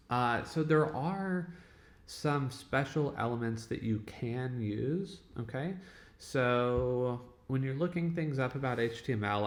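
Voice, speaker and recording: A man teaching a casual lecture, talking in a conversational way and often checking in with "okay?" and "right?". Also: on the low side. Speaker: web development instructor. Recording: echoey room.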